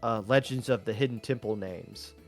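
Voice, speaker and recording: A man's voice: on the low side, moderate pace, soft background music. A man casting a live tournament stream with easygoing, joking banter. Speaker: esports commentator.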